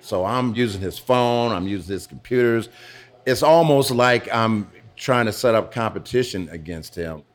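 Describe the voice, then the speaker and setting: Low-voiced man telling his story haltingly. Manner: halting, repeats and restarts phrases. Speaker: interview guest. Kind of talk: casual storytelling interview. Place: pizza restaurant.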